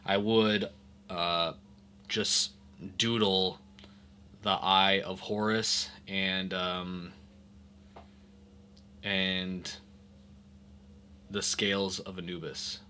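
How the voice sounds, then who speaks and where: A man playing in a tabletop game, describing his actions slowly and hesitantly. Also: low voice, little pitch movement, pushed and bright, slight background noise. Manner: slow and hesitant, many fillers. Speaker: player. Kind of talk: tabletop role-play, in character.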